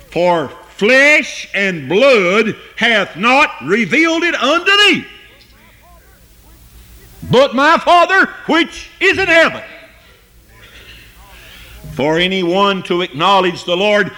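A man delivering a slow, unhurried sermon in a fairly high, bright voice. His pitch swings widely, soaring on the scripture he quotes and sinking low when he turns to asides. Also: big pitch swings. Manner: slow, rising to high emphatic peaks on scripture; drops low and quiet on asides. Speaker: preacher.

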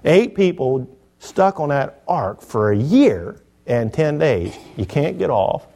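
A middle-aged man preaches a sermon with a slightly high-pitched voice. He tells it in a folksy, joking manner, pressing hard on some lines and dropping to quiet asides on others. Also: sing-song, takes it slowly, vocal fry. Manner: folksy, jokey, swings between loud emphasis and quiet asides.

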